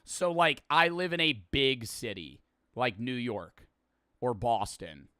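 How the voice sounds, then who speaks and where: Bright-voiced, profane male streamer. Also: mid-range voice, expressive, takes it slowly, smooth, no room sound, studio quality. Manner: profane, rambling, jokey. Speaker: streamer reacting to a video. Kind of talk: casual reaction commentary.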